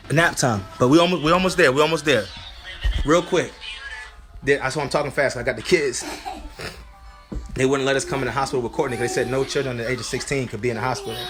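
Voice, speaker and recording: A man preaching fervently at home, full of restarts and repeatedly calling listeners brothers and sisters. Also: medium pitch. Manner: fervent and repetitive, with many restarts. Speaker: lay preacher. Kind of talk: impassioned home sermon. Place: at home, indoors.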